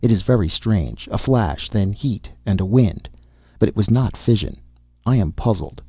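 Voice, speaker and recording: Guy putting on a stern old martian official, suspicious, lowish voice, dull dry recording. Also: lively intonation, normal speed, slightly rough, dry recording. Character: hard, demanding older male Martian official.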